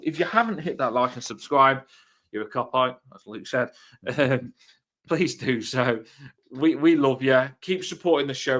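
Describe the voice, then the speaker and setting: A man hosting a casual post-match fan stream, chatty and swearing freely. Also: mid-range voice. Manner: chatty, swears freely, loud bursts when wrapping up. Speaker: fan channel host.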